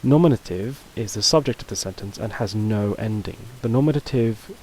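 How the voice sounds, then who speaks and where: A man's voice: on the low side, brisk, a little mellow, a little hiss or hum, low-quality recording. A man teaching a casual video lesson, talking loosely with fillers and restarts. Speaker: language teacher.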